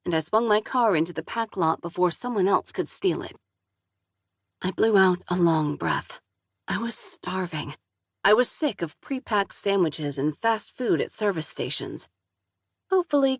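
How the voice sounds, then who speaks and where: A woman's voice: fairly low pitch, vocal fry, no echo, clean studio sound. A woman narrating a first-person novel in a wry, exasperated voice, with casual swearing. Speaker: audiobook narrator.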